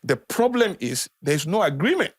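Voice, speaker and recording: A man's voice: a little high, very animated, moderate pace, slightly rough, no echo, clean studio sound. A man with a Nigerian accent, a podcast guest lecturing in a conversational way, repeating key phrases for emphasis. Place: podcast studio.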